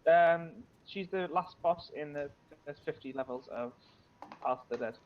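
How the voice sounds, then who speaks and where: Relaxed man on a game voice call, somewhat high voice, dull lo-fi line with faint hiss. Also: moderate pace. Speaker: friend on voice chat. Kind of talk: casual voice chat. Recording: dull lo-fi voice chat with faint noise.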